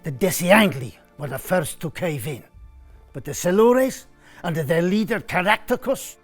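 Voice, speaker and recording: A man's voice: high-pitched, animated, normal speed, faint music behind. A man playing a weary, homesick Roman foot soldier in a put-on Italian accent, telling his story theatrically in an educational drama. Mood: storytelling.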